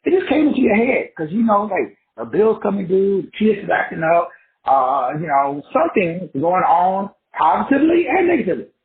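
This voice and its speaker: High, lively man preaching over a tinny line. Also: moderate pace. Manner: preachy, profane, rhyming riffs. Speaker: self-styled teacher called Doc. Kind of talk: motivational class lecture. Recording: tinny phone-like sound in an echoey room.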